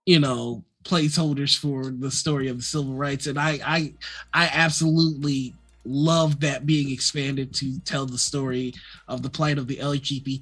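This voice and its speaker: A co-host on a live stream, ranting fast and animatedly, swearing freely and stumbling over restarts. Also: mid-range voice. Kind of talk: casual live-stream chat. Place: at home, neighbors heard outside.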